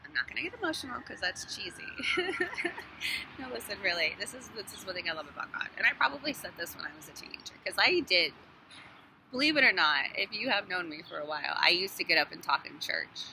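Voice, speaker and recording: A woman who works as a hairstylist talks casually to the camera, lively and frank, swearing now and then. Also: mid-range voice, fast, gravelly, low-quality recording. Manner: animated, swears, laughs between thoughts. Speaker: hairstylist vlogger. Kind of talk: casual phone monologue. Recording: noticeable background noise.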